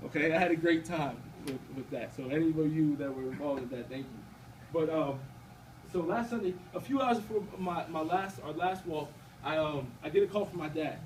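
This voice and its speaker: A man's voice: a little high, fairly quick. A man in his twenties gives a casual, conversational personal faith testimony at a campus ministry event, often checking in with the audience. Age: 20s. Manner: casual and conversational, often asking "you know what I mean". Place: event room at a campus gathering. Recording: distant mic with faint background noise.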